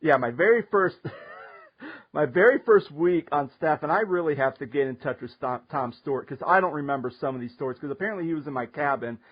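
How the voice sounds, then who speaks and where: A man hosting a casual talk show, telling a story in an animated way and laughing often. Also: fairly high pitch, fairly quick. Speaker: podcast host. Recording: muffled lo-fi audio.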